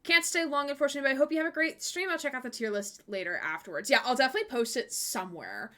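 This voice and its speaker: A bubbly woman streamer hosts her live stream, reading chat messages aloud and laughing often. Her voice sits a bit high and sounds bright and forceful. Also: expressive, rapid-fire. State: hiccuping. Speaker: streamer host.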